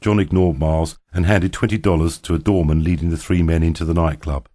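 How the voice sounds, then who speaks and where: A man narrating an audiobook in a steady, even reading. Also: deep voice, brisk.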